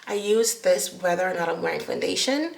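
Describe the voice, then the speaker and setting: Young woman, beauty vlogger, casual chat, gravelly voice, echoey room. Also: lowish voice, lively intonation, brisk, a little hiss or hum. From Bahamas. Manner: chatty and rambling, laughs at herself.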